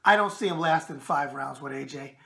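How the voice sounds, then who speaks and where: A man's voice: a little high, a little fast, vocal fry, pushed and bright. A middle-aged man hosting a casual boxing mailbag show with brash, tough-guy banter.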